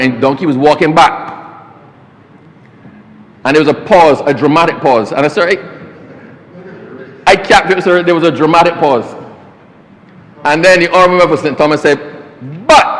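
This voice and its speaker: A man's voice: on the high side, fairly bright tone. A Barbadian man, a government minister, giving a formal parliamentary speech that keeps addressing the chair as sir and slips into folksy stories. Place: parliament chamber. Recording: long reverb of a parliament chamber.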